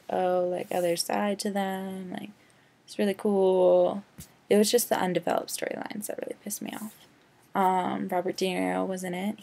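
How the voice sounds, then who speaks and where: A woman's voice: mid-range voice, vocal fry, darkish tone. A young woman vlogging a casual, rambling movie rant, sarcastic and full of "like". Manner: sarcastic, rambling, heavy use of "like".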